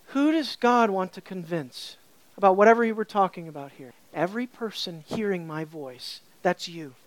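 A woman preaching a sermon. She asks her listeners questions and repeats points for emphasis. She builds to loud, high peaks and drops to a soft, low voice for scripture. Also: no echo. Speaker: pastor.

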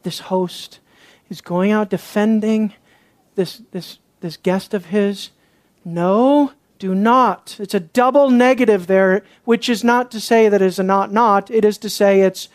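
A preacher delivering an expository sermon, emphatic and worked up, firing off rhetorical questions and dropping into hushed asides. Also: mid-range voice, fairly even intonation, measured pace, no room sound.

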